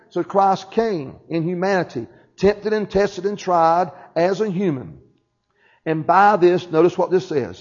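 High-voiced preacher man, lo-fi sermon. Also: a little mellow. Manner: preaching with rising emphasis and call-and-response.

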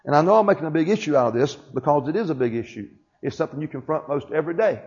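A man's voice: fairly high pitch, animated, racing, a little mellow. A male pastor giving a sermon to his congregation, often asking "Amen?" and reading aloud from a book. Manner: preaching with frequent "Amen?" check-ins. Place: church. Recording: dull lo-fi sermon recording.

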